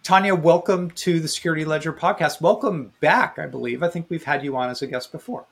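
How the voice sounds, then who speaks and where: A man's voice: fairly high pitch, fairly quick, creaky. A man hosts a podcast interview, easygoing and conversational. He introduces his guest and adds dry little asides. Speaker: podcast host. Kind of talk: interview hosting.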